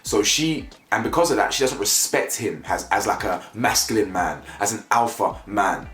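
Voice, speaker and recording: A man's voice: lowish voice, moderate pace. Opinionated man. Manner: animated, opinionated, repeats phrases, frequent "you know what I'm saying". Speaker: reality TV reviewer. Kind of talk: casual opinionated commentary. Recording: echoey room with faint music.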